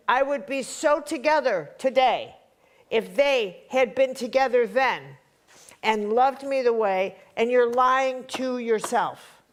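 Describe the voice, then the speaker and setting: A woman's voice: fairly high pitch, slow pace. Blunt, emphatic woman teaching a workshop. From Chicago area. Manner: emphatic, repeats lines for punch, blunt and streetwise. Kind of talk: live spiritual workshop talk. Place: workshop hall with an audience.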